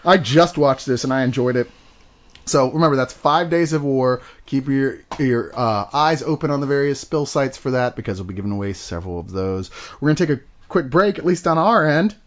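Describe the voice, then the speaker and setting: A man of middle pitch hosts a casual movie review chat, his voice rising and falling with lively energy. He rambles and laughs often. The recording is dull and lo-fi. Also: fairly quick. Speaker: podcast co-host. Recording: dull lo-fi podcast audio.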